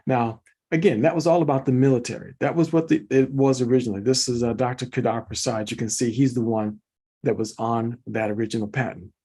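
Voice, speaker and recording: A man's voice: medium pitch, fairly even intonation, fairly quick, dark tone, husky. A man hosting an informal online presentation, talking viewers through slides with enthusiasm, repeating words for emphasis and calling them folks. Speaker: host presenting product commentary.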